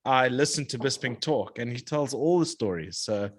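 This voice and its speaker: A man chatting as a podcast guest, relaxed and laughing easily. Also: medium pitch, normal speed, breathy edge. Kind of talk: casual chat.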